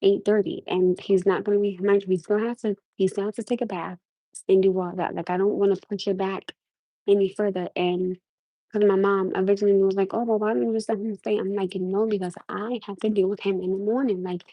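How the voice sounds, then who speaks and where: A woman's voice: mid-range voice, brisk, dry recording, lo-fi sound. Chatty young woman with a New York tinge. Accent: New York-tinged American. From Norwalk, USA. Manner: animated, repeats questions to the audience, restarts often. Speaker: livestream host. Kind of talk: casual livestream chat to viewers.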